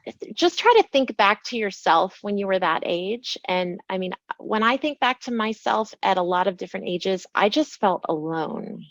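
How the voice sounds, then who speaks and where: A woman's voice: medium pitch, lively intonation, moderate pace, few pauses, no room sound, lo-fi sound. A woman who is a podcast guest, talking in an earnest, chatty way. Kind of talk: casual conversation.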